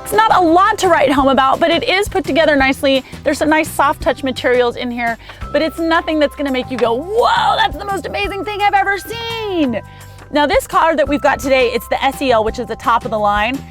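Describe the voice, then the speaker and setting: Chatty high-voiced woman car reviewer. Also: quick pace, fairly bright tone, faint music behind. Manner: chatty, playful, upbeat. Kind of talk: casual car review while driving. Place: inside a car.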